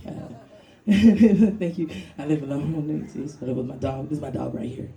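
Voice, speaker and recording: This Brooklyn comedian's warm voice sits low and runs fairly quick. Performing stand-up for a live club audience, she's brash and swears freely, laughing as she lands her jokes.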